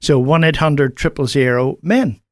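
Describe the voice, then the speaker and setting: Earnest Irish man, higher voice, dry studio sound. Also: moderate pace, darkish tone, no room sound. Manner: earnest, rambling, with many restarts. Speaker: guest, men's radio program presenter. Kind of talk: casual radio interview. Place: radio studio.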